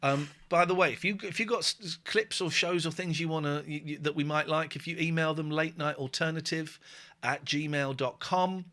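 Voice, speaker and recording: A man's voice: a little high, fairly even intonation, normal speed, fairly bright tone. A man hosting a casual chat show, joking and talking bluntly with plenty of swearing. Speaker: host.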